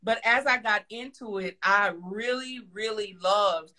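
A woman hosting a casual book discussion, talking in an excitable, gushing way. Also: medium pitch, measured pace. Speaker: host. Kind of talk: casual chat.

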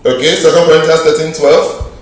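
A man teaching a Bible study group with animated emphasis and teasing questions. His voice sits high. He sounds distant, and a strong hall echo surrounds him. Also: a little fast. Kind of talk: interactive Bible class teaching. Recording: very echoey hall, mic from afar.

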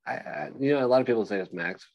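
A man's voice: mid-range voice, quick pace, highs cut off, slight background noise. A man co-hosting a casual podcast, joking and laughing often as he mocks wrestlers. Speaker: podcast co-host.

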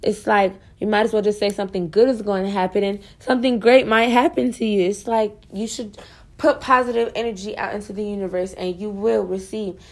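A woman's voice: mid-range voice, steady tone, brisk, darkish tone. A woman student venting in a casual, rambling monologue for her podcast, frustrated and full of fillers.

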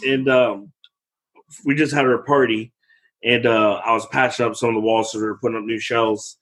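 A man's voice: medium pitch, fairly even intonation, moderate pace, a bit bright, low-quality recording. A young man, a father, telling home stories in casual chat and laughing often. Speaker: podcast co-host, father.

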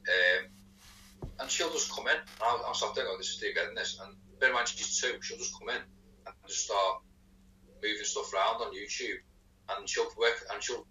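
A man's voice: fairly low pitch, normal speed, pushed and bright, echoey room, recorded from a distance, slight background noise, poor audio. A man talking as a guest on a podcast over a remote call, rambling and saying "you know what I mean" again and again. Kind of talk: casual chat.

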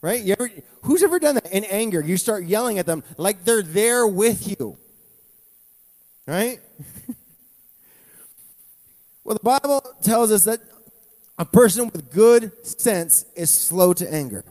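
A man's voice: high-pitched, expressive, unhurried, pauses often, a little mellow. A male pastor preaching a conversational sermon with asides to the congregation. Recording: long reverb from a church hall.

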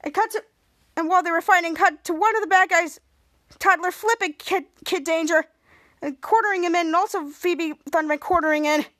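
Woman, podcast host, very high-pitched, casual rambling recap, frequent restarts. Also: a little fast, a bit bright. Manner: rambling, with restarts and stumbles over words.

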